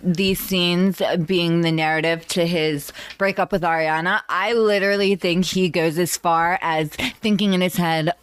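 Low-pitched woman recapping in casual chat. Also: steady tone, measured pace, few pauses, clear, resonant tone, dry recording. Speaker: podcast co-host.

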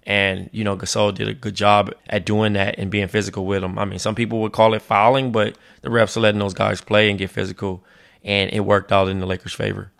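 A man's voice: on the low side, flat delivery, fairly quick, vocal fry, fairly bright tone. A man co-hosting a sports show as the analyst, laid-back and blunt, with frequent "you know" fillers. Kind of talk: casual sports talk.

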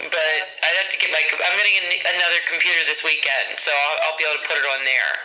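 A woman's voice: low voice, steady tone, fast. Doting grandmother on a noisy call. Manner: laughs easily, doting and chatty. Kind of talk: casual phone chat.

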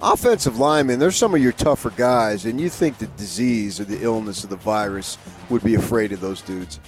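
A man's voice: on the low side, fairly quick, faint music behind. A man co-hosting a sports radio show, joking around with playful boasts. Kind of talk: casual sports radio banter.

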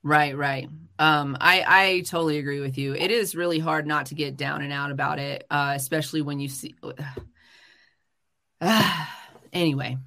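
A woman's voice: low voice, steady tone, normal speed, pushed and bright. A woman hosting a casual livestream chat, talking heatedly with frequent swearing, fillers and restarts. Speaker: livestream host. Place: home livestream.

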